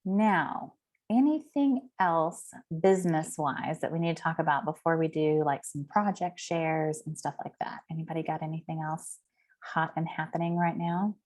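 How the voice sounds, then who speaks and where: Woman team leader, fairly low voice, rambles chattily with fillers, heard over a video call. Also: normal speed, a little mellow. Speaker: team leader hosting a meeting. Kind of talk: casual chat.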